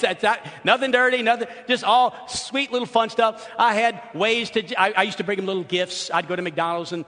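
High-voiced man preaching in a big hall. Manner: storytelling, swings from soft to loud and excited. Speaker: pastor. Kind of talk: sermon. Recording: long hall reverb.

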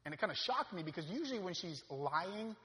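A man in his thirties preaching a sermon as a pastor, swinging from loud preaching peaks to quiet storytelling. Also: high-pitched, big pitch swings, a little fast. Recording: long reverb of a hall.

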